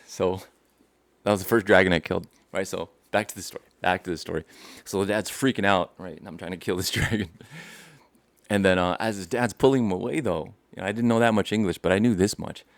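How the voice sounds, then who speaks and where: Young male vlogger, deep gravelly voice, dry close sound, animated rambling storyteller. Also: fairly quick, dry recording. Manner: rambling, animated, laughs often, acts out scenes. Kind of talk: casual storytelling to camera.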